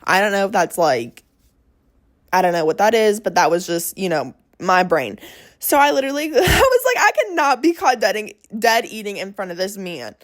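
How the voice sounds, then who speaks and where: A woman's voice: mid-range voice, big pitch swings, moderate pace. A young woman hosting her own podcast, telling a personal story in a chatty, dramatic way and slipping into quoted voices. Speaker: podcast host. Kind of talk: casual storytelling monologue.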